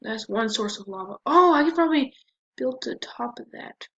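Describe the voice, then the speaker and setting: Chatty and talking to herself while gaming, this woman's voice is fairly high, a bit bright, and slightly breathy, with lively intonation at normal speed. The let's-play audio comes from a dull lo-fi mic carrying faint noise.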